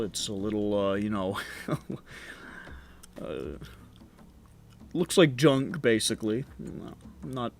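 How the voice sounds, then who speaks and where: A man voicing a suave, handsome male goblin artificer who talks in a smooth, easygoing, confident way. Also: on the low side, heavily acted.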